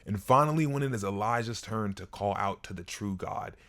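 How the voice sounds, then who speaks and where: A man casually retelling a Bible story, joking in slang and swinging his pitch widely for emphasis. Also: fairly quick, fairly bright tone. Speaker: online Bible teacher.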